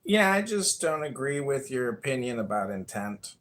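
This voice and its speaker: A man's voice: mid-range voice, big pitch swings, moderate pace, fairly bright tone. A man in an online debate, disagreeing in short, curt replies. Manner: curt, contrarian.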